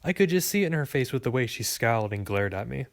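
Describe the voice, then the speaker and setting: Man reading a story out loud, dry sarcastic humor, gravelly voice, dry close sound. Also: mid-range voice, expressive, fast, no room sound. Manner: wry, sarcastic. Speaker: audiobook narrator. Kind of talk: first-person storybook narration.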